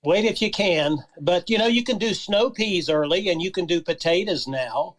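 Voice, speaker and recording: Male beekeeper guest, calm and measured, slightly high voice. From Georgia, USA. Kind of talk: casual radio interview.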